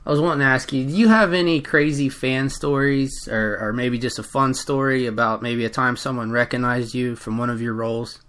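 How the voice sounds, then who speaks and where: A man hosts a podcast and asks his guest relaxed, encouraging questions. His voice sits at a middling pitch and he speaks in an easy conversational way. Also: brisk, hardly any pauses, smooth. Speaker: podcast host. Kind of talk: casual interview.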